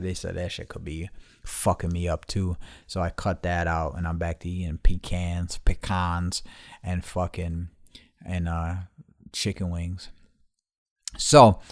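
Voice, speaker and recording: Low-voiced profane rambling man. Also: no room sound, clean studio sound. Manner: rambling, profane, self-mocking. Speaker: podcast host. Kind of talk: casual solo podcast monologue. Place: garage.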